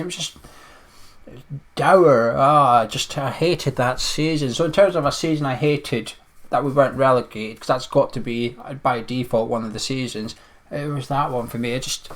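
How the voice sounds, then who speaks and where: A man co-hosting a casual podcast chat, rambling and opinionated. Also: medium pitch. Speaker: podcast co-host.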